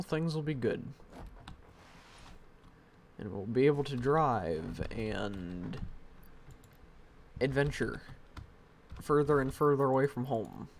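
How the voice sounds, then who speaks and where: A man's voice: mid-range voice, slight background noise. A man streaming a game live from home on a headset mic, thinking aloud in a rambling, self-deprecating way. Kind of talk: casual live-stream commentary.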